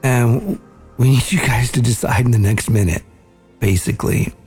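A man hosting a podcast, earnestly recounting a family memory in a measured, reflective way. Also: mid-range voice, a little mellow, breathy edge, faint music behind. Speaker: podcast host. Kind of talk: reflective storytelling conversation.

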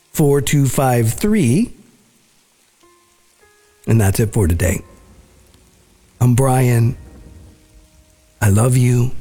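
A man with a mellow, dark voice gives a podcast's closing announcements. He speaks slowly and unhurriedly, with soft music playing faintly behind him. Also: mid-range voice. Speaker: podcast host.

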